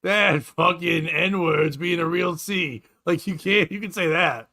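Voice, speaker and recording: A man, co-hosting a casual podcast chat, telling stories loudly and swearing freely. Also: fairly high pitch, slow pace, gravelly. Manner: loud, animated storyteller, swears freely, does voices. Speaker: podcast co-host.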